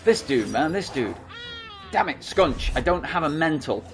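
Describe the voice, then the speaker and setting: An Australian man with a Sydney accent commentating a video game, excitable and shouting at the battles. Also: on the high side, measured pace, soft background music. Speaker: gaming channel host. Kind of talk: let's play commentary.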